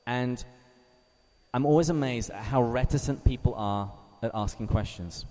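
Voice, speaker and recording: A man from England, giving a measured teaching talk to a live group, reading scripture slowly and asking his listeners questions. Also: medium pitch, dark tone. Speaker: Bible study speaker. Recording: reverberant hall.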